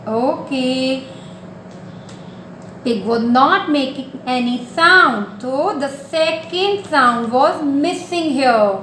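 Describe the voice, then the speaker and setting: Speaking in a coaxing sing-song, a nursery teacher patiently repeats simple instructions to little children. She has a high-pitched, expressive voice with drawn-out words and a fairly bright tone. Slight background noise sits under an echoey room sound.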